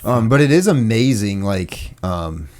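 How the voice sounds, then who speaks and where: A man's voice: lowish voice, lively intonation, a little slow, a little mellow. A man with an upper Midwestern accent hosting a podcast, chatting casually and rambling with many fillers. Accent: upper Midwestern American. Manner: rambling, lots of filler words. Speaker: podcast host.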